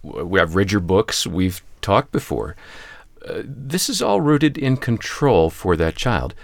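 A man's voice: lowish voice, sing-song, slow pace, creaky, dry recording. A man hosting a radio interview, asking questions in a curious, reflective way. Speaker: radio show host.

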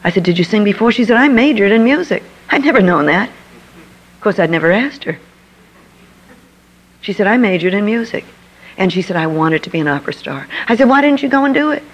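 A woman's voice: mid-range voice, expressive, fast talker, long pauses, slightly rough, low-quality recording. An older woman giving an inspirational talk, telling a personal story and acting out the dialogue vividly. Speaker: inspirational speaker.

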